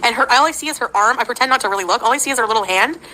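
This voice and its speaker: A woman chats on her livestream in a bright, clear voice, wandering through an anecdote with plenty of "like" and "um" and soft giggles. Her pitch sits in an ordinary middle range. Faint room hum sits under her voice. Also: expressive, very fast, poor audio. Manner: meandering, filler-heavy, giggly. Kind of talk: casual rambling storytelling.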